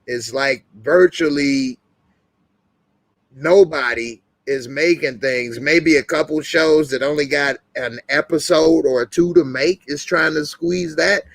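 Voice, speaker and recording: A man hosting a casual live stream, reading and answering chat in a relaxed way and laughing often. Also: fairly high pitch, unhurried, gravelly, no room sound.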